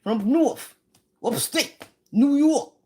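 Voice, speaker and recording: A brash young man from up north fires off fast, loud, confrontational street talk, as a woman comedian puts him on. The voice sits well above her own. He sounds ready to square up. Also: high-pitched, expressive, pitched above the performer's own voice. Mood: aggressive. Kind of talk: stand-up storytelling.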